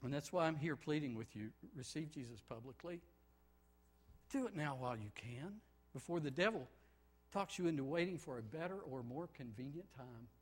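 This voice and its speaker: A man preaching a sermon with great passion, building to shouts and then dropping to quiet, pleading prayer. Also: on the high side, animated, moderate pace, slightly rough. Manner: impassioned, swings from shouting to hushed pleading.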